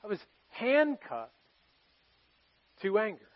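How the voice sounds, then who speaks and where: A man preaching a heartfelt sermon in a noticeably high voice, confessing his own struggles to the congregation. He moves between ringing emphasis and near-whispered moments. The recording sounds dull and muffled. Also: wildly swooping pitch, slow pace. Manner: earnest, confessional storytelling to a congregation, swinging from loud to hushed. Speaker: pastor.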